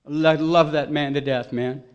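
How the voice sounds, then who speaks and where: A man giving an earnest, emotional personal testimony at a recovery meeting, voice swelling loud at its peaks. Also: a little high, fairly even intonation, moderate pace, clear, resonant tone, highs cut off.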